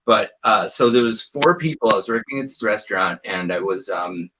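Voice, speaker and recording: A man's voice: on the low side, normal speed, sharp tone, muffled recording, slight background noise. A man doing a casual stand-up set over a home video call, rambling and self-deprecating with lots of fillers and restarts. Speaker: stand-up comedian.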